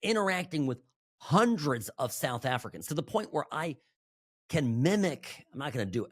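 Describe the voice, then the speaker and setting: A man from Southern California hosting a political talk show, delivering an animated, emphatic monologue with frequent restarts and asides. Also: mid-range voice, moderate pace, husky.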